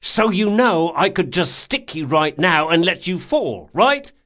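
A man voicing a sharp-tongued male thief who threatens and mocks in a raised, forceful voice. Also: high voice, big pitch swings, a little slow, pitched above the performer's own voice, heavily acted. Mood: menacing. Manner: snarling, sarcastic, swearing.

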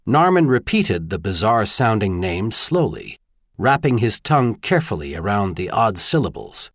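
A man reading an audiobook in expressive scripted narration. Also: on the low side, normal speed, no echo, studio quality.

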